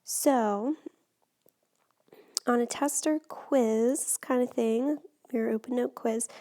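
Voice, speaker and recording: A woman's voice: a little high, warm tone. A woman teacher explaining Spanish grammar step by step in a patient, recorded lesson.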